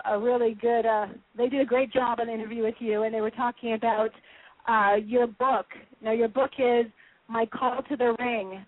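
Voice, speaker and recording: A chatty, animated woman hosts a radio interview, laughing easily as she talks. Her voice is fairly high and comes through a thin, phone-like line. The sound is dry and close. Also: no room sound. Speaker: radio show host.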